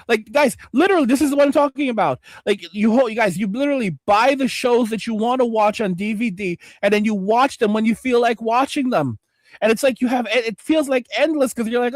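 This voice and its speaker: A man streaming, reacting to videos in a loud, exasperated, profane rant. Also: very high-pitched, a little fast, no echo. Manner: loud, exasperated, swearing constantly.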